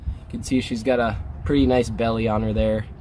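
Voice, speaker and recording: A young man casually explaining his fishing on a lake shore, getting excitable when a fish bites. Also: lowish voice, a little fast, a little hiss or hum. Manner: excitable, exclaims often while fighting fish. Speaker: fishing vlogger. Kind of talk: casual outdoor vlog commentary.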